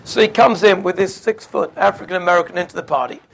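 Man, sermon storytelling, gravelly, higher-pitched, conversational. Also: fast. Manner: conversational, sprinkles in Yiddish and Hebrew terms. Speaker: religious speaker.

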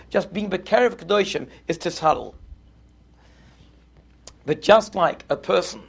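Husky, slightly high male rabbi, animated sermon storyteller. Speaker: rabbi giving a Torah talk.

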